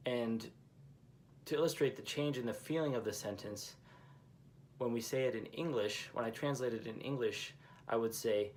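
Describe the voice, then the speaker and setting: A man's voice: medium pitch, normal speed. Man, language teacher, mid-range voice, patient explaining, says each example twice.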